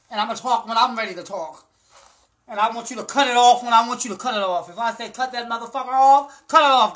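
Woman, campy, profane, sassy vlogger, bright tense voice, mid pitch, phone mic, indoor room, loud bursts and low asides. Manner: brash, profane, campy, repeats "girl" and "honey" constantly. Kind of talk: sassy off-the-cuff rant to camera. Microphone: phone camera at arm's length.

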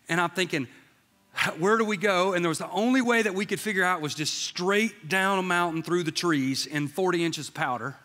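In a church sanctuary with a long reverb tail, a pastor in his fifties preaches a sermon in a high, slightly bright voice. He tells a candid story and acts out the dialogue.

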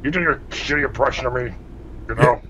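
A man's voice: medium pitch, fast talker, pushed and bright. A male caller who teases and mocks the host. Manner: mocking, teasing. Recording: dull lo-fi call with faint noise.

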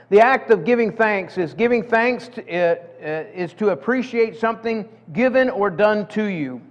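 A middle-aged man preaching a sermon in a folksy way, often repeating words as he builds up to a point. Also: high voice. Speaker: pastor. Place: church sanctuary. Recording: dull sound with long church hall reverb.

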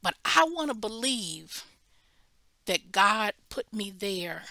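A woman's voice: medium pitch, takes it slowly, no echo. A woman preacher teaching a Bible study, telling a story animatedly and acting out the people in it, with emphatic restarts. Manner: animated storytelling, acts out quoted voices.

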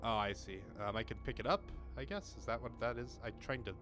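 Excitable young man swearing through gameplay. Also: mid-range voice, quick pace, music in the background. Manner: excitable, swings from muttering to yelling, swears a lot. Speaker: let's play gamer. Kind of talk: casual gameplay commentary.

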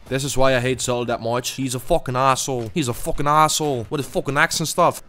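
A young man giving gameplay commentary, swearing and trash-talking opponents, muttering between loud outbursts. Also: mid-range voice, expressive, a little fast, few pauses. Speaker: gaming YouTuber.

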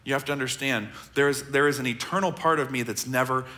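A middle-aged American man, a pastor, preaching a sermon in a conversational, earnest way, often dropping his voice soft. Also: medium pitch, quick pace. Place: large church auditorium.

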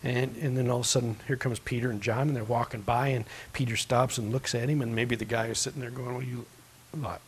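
A pastor's sermon in a church sanctuary unfolds as loose, conversational storytelling where he acts out the people involved. His medium-pitched voice stays steady in tone, moving quickly with few pauses, over slight background noise.

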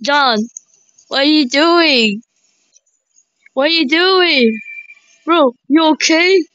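A woman giving excitable gameplay commentary, full of sudden exclamations. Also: high-pitched, slow. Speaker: gaming streamer. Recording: slightly dull lo-fi mic.

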